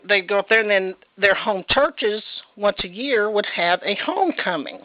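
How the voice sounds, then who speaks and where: A woman's voice: medium pitch, dry recording, dull audio. A woman preaching a casual, folksy sermon, chatty and rambling, with self-deprecating laughs. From Indianapolis, United States. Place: church sanctuary.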